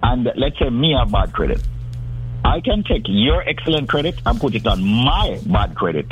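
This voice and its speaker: A man, a radio guest who pitches his services in a persuasive, salesman-like way. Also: very animated, moderate pace. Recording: tinny phone line with faint noise.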